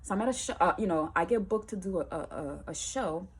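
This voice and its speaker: A woman with a low, husky voice tells a personal story in easy, everyday speech. She gets animated and acts out the people in it, with a loose, conversational delivery. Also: fairly quick. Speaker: musician telling a personal story. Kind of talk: casual first-person storytelling.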